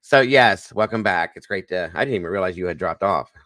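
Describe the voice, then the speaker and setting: A man hosting a casual live stream, telling animated stories and swearing lightly. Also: low-pitched, fairly quick, no echo.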